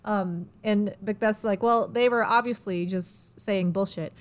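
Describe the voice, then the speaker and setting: A young woman casually retelling a story as a podcast host, irreverent and giggly, often slipping into quick character voices. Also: mid-range voice.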